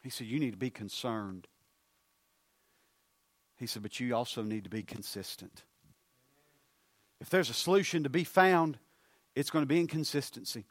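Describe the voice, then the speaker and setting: A man preaching a sermon, moving from hushed storytelling to loud, fervent appeals. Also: mid-range voice, normal speed, long pauses, no echo.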